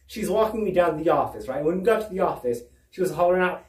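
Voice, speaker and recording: Rambling comedian telling a story at home. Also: male voice, sits high, animated, fast, recorded from a distance. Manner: rambling, full of restarts and "right?" asides. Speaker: stand-up comedian. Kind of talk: stand-up storytelling. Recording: roomy, away from the mic.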